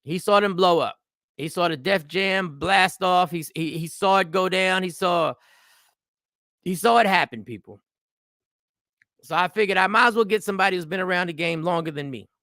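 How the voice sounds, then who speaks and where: A man in his forties hosting a casual live show, animated and rambling, often repeating phrases. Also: high voice, normal speed, dry recording, studio quality. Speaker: comedian and show host. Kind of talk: casual live-stream talk.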